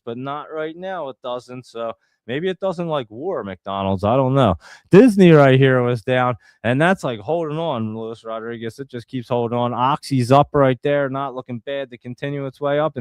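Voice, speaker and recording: A man's voice: mid-range voice, normal speed, a little mellow, smooth, no room sound, clean studio sound. A man from New Jersey hosting a live stock market stream, talking casually and rambling in an exasperated way to his viewers. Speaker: stock market show host.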